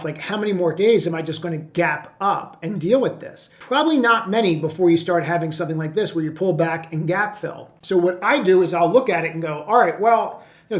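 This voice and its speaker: Brash, blunt man on trading charts. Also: sits high. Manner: brash, blunt, conversational with many restarts. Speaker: trading coach. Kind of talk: screen-share market commentary.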